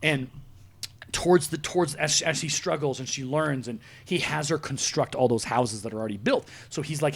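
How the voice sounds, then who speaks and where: A man hosting a podcast in a studio, an excitable storyteller who acts out scenes in casual chat. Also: medium pitch, a little fast, gravelly. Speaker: podcast host.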